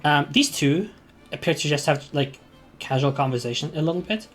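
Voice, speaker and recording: A man's voice: on the high side, lively intonation, a little fast, fairly bright tone, soft background music. A man narrating as game master of a tabletop game, hesitant and full of fillers.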